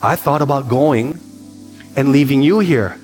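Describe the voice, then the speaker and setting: A man in his forties, a pastor preaching a sermon, telling stories with quick bursts and emphatic repetition. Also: mid-range voice, a little mellow, faint music behind.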